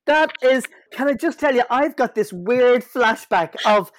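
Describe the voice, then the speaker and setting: A man's voice: extremely high pitch, lively intonation, a little slow, fairly bright tone. An Irish man co-hosting a podcast, chatting casually in a rambling, jokey way full of fillers. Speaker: podcast co-host. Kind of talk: casual chat.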